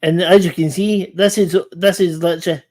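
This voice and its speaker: Chatty British host, slightly high voice. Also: male voice, fairly even intonation, fairly quick, a little mellow. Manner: chatty, eager interjections. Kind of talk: casual chat.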